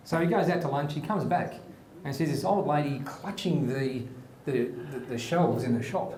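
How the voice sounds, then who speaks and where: A man spins jokes in a relaxed, storytelling way, his voice sitting a little high. The recording carries a roomy echo and a faint hiss behind him. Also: normal speed, hardly any pauses. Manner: relaxed storyteller, chuckles at his own punchlines. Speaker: host telling jokes. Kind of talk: joke telling.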